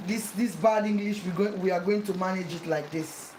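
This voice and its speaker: A woman's voice: on the low side, moderate pace, hardly any pauses, dark tone, reverberant, recorded from a distance, slight background noise, poor audio. A Sierra Leonean woman chatting casually while cooking at home, self-mocking and pleading with viewers for likes. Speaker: cooking vlogger. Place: home kitchen.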